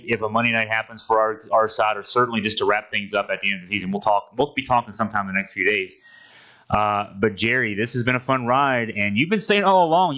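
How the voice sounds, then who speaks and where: A man's voice: medium pitch, sharp tone. A man hosting a casual sports podcast, rambling with many restarts and fillers. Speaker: podcast host. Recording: dull lo-fi audio.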